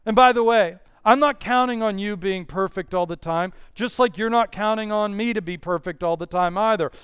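A male pastor preaching an earnest, measured sermon with Bible readings. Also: high-pitched, a bit bright, clean tone, dry recording, clean studio sound.

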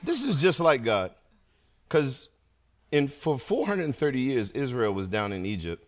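A middle-aged man preaching a sermon to a congregation, animated and energetic, calling out to the crowd between points. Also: medium pitch, a little slow. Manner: animated preaching with call-and-response asides. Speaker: pastor.

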